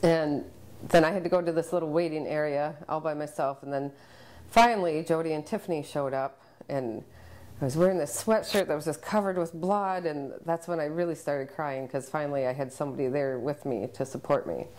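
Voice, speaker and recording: A mother recounting a frightening family memory to the camera, emotional and halting, with many pauses. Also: sits low, a little mellow. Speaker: interviewee, subject's mother.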